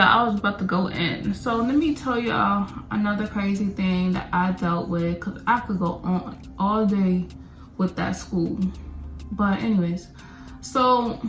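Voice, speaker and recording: Rambling young woman in an echoey room. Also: mid-range voice. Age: young adult. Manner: rambling, animated ranting. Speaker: beauty vlogger. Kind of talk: storytime while doing makeup.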